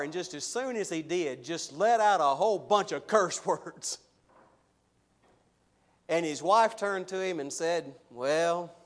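A man preaching a sermon, animated, rising loud when voicing objections and dropping low and slow for solemn points.

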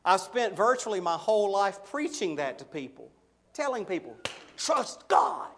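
A middle-aged man preaching a sermon, slowing and swelling on key words for emphasis. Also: sits high, very animated, fairly bright tone. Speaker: pastor.

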